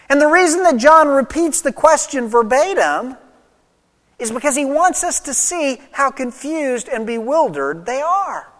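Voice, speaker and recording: A pastor preaching a sermon, swinging between loud emphatic lines and soft, low asides. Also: expressive, a little slow. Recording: long reverb of a large hall.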